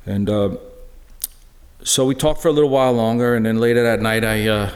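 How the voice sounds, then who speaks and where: A middle-aged man giving a personal testimony talk in a church, halting and earnest, full of restarts. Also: on the low side, steady tone. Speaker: lay speaker sharing a personal witness. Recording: echoey church hall.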